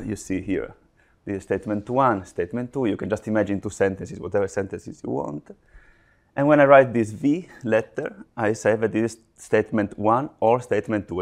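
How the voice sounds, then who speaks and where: A man lectures to a room, working through his points slowly and restarting phrases as he goes. His voice sits a little low, and his delivery is halting and patient. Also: a little mellow. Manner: halting, restarts mid-phrase, explains step by step. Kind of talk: live lecture.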